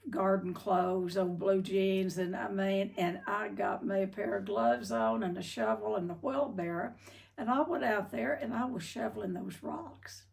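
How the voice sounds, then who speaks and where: An older woman tells a personal story in a candid, folksy way, her voice gravelly with fry. She sounds a little distant from the microphone. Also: mid-range voice. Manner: folksy, candid, frequent "uh" and "I mean". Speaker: treatment center owner telling her story.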